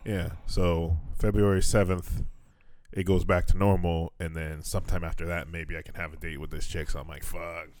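This podcast co-host, a man in his thirties living in Fukuoka, Japan, swears freely during casual chat and acts out the voices of people he quotes. He speaks at a normal speed in a low, level, slightly mellow voice. There is no room sound.

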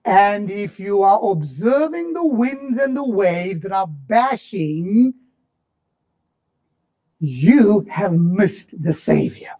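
A male preacher delivers a passionate sermon in a strikingly high voice. His pitch rises and falls dramatically as he moves from fervent shouts to hushed, slowed-down lines. The delivery is animated and emphatic throughout. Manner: impassioned, swings from shouts to low murmurs.

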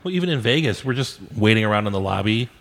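A man chiming in with quick, wry remarks during casual chat. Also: on the low side, animated, creaky, in a large hall.

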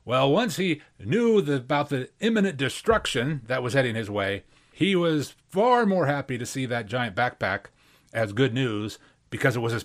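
A man preaching a sermon, animated and acting out voices as he tells stories. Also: mid-range voice.

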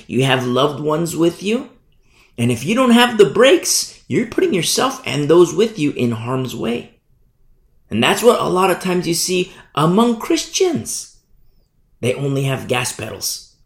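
A man's voice: on the high side, reverberant. A man preaching a Bible study sermon as pastor, stressing his points by repeating phrases and often adding "you see.".

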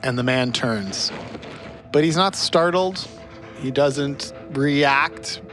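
A man narrating scenes as game master of a tabletop game, in steady, descriptive storytelling. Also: medium pitch, slow pace, soft background music.

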